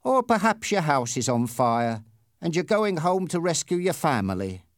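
A male narrator voices a heavy, red-faced motorcycle policeman for an audiobook, using a slow, soft, sarcastic drawl that snaps into loud, high barking. The pitch swings hugely through the lines as soft taunting bursts into shouting. The read is dry and close, with no echo.

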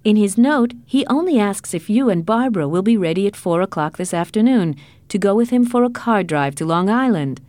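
Lady doing a grumpy old guy, blustery, says no no no, jumps up high when worked up. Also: lively intonation, a little fast, a little mellow, dry recording, close to an everyday voice. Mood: reassuring. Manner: blustering, repeats himself. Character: grumpy fussy old man, quick to anger.

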